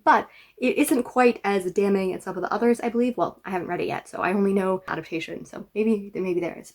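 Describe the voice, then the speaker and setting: A young woman chatting to camera about her reading list, chatty and wry, with playful asides and the odd whispered word. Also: mid-range voice. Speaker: book vlogger. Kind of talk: casual book talk to camera.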